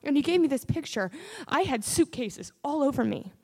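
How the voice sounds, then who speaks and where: A woman's voice: high voice, expressive, moderate pace, warm tone. A woman preaching a sermon and testifying about her own faith, earnest and building to fervent prayer.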